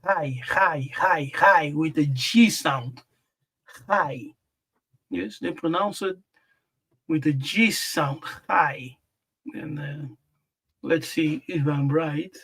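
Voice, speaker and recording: A man teaching scripture on a live stream, slow and deliberate, repeating key words for emphasis. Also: fairly high pitch, a bit bright, breathy edge. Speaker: Bible teacher.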